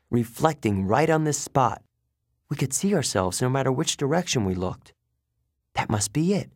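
A man narrating a first-person audiobook in an expressive, wry storytelling manner from a recording booth. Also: mid-range voice, no room sound, clean studio sound.

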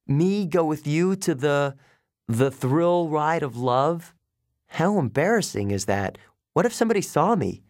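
A man voicing a sharp, bossy preteen girl who scolds and gets flustered easily. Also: a little high, expressive, measured pace, no echo, studio quality, voice pushed up. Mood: embarrassed. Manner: scolding, exasperated.

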